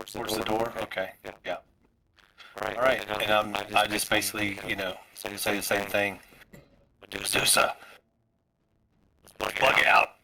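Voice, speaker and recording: A man's voice: fairly low pitch, little pitch movement, normal speed, long pauses, bright, forceful tone, low-quality recording. A man playing a tabletop game, describing his moves hesitantly with many fillers. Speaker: player.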